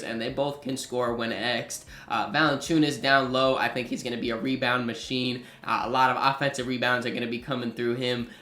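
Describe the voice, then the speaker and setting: A young man hosting his own channel, giving a relaxed, casual basketball preview that is peppered with "uh" and "like". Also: mid-range voice. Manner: relaxed, with frequent "uh" and "like" fillers. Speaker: channel host. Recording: roomy echo.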